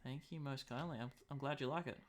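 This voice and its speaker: A man's voice: medium pitch, fairly even intonation, fast talker. A young Australian man chatting casually on a live stream as he makes a map, muttering to himself and poking fun at himself.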